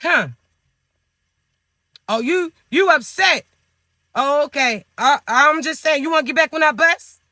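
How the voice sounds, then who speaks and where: A man's voice: very high-pitched, unhurried, long pauses, sharp tone, no room sound. A man giving spiritual advice in a monologue, scolding the listener with teasing rhetorical questions. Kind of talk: motivational monologue to viewers.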